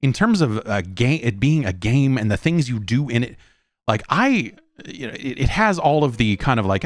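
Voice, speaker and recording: A man's voice: mid-range voice, very animated, normal speed, dry recording, studio quality. A man in his forties hosting a podcast, ranting casually and with exasperation, swearing often and mocking what others say. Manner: profane, exasperated, mocks in quoted voices. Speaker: podcast host.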